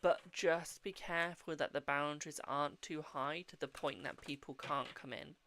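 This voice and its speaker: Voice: mid-range voice, steady tone, moderate pace, fairly bright tone, a little hiss or hum. A tired, yawning tarot reader with a British accent, hosting a live-stream reading in a blunt but reassuring way, often saying "okay, my darling".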